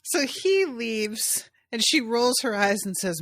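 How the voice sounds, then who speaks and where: A woman's voice: a little high, lively intonation, takes it slowly, fairly bright tone, no room sound. A woman co-hosting a podcast, recapping book chapters casually with dry humor and acted quotes. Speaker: podcast co-host.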